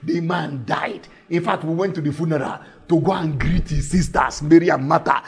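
A man voicing ordinary townspeople who lower their voices to pass news to a woman, drawing out "madam". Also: husky. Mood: confiding. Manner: low hushed gossiping tone, drawn-out "madam". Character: plain townspeople telling a sick woman news, confiding.

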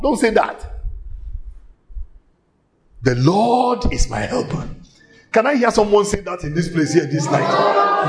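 A man preaching a sermon in a church, emphatic and shouting at times, repeating phrases rhythmically and laughing between lines. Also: high voice, sing-song, measured pace, long pauses. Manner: shouting, emphatic, with sudden exclamations.

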